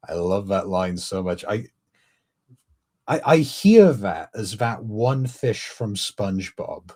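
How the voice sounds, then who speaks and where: A man's voice: low-pitched, slow, dark tone. A man streaming a casual reaction, rambling, musing aloud and laughing often. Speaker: streamer reacting to a comic chapter.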